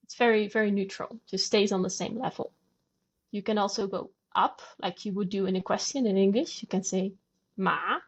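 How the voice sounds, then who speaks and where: A woman's voice: medium pitch, steady tone, a little fast, slightly rough, dull audio. A woman guest on a podcast, patiently explaining language and demonstrating sounds aloud. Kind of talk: conversational explanation.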